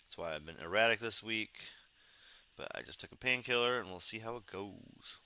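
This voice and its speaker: A man's voice: lowish voice, moderate pace, bright, forceful tone. A man hosting a casual late-night news commentary stream, sarcastic and ranting, talking carefully with a sore face after surgery. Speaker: live stream host.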